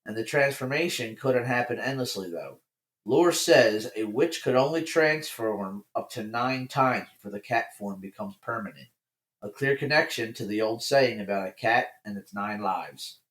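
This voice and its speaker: A man, a guest on a podcast, chatting casually and recounting folklore in an even storytelling way. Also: medium pitch, moderate pace, echoey room.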